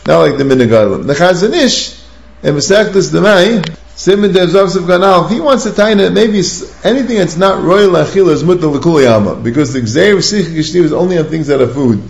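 A man's voice: on the high side, animated, brisk, creaky, reverberant. A man giving a Talmudic study lecture, reasoning aloud through sources and posing questions to himself as he goes. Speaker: rabbinic lecturer.

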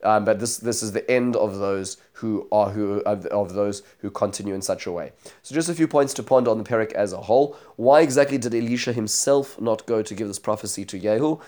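A lowish, darker-toned male voice moves at a brisk pace through a Bible study lesson. He recounts the chapter as a narrative, performs the quoted speakers, and leans heavily on fillers and restarts.

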